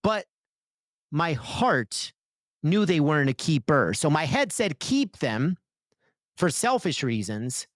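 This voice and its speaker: A man talking as a podcast guest and author, telling energetic stories with lively voiced asides. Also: fairly high pitch, unhurried, dry recording, clean studio sound. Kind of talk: conversational interview.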